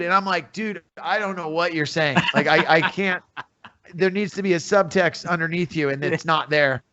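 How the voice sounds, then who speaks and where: A man's voice: fairly high pitch, moderate pace, muffled recording. A middle-aged American man, a musician and comedian, telling stories as a podcast guest and acting out the people in them. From USA. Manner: animated storyteller, acts out voices in quotes. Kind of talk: casual storytelling interview.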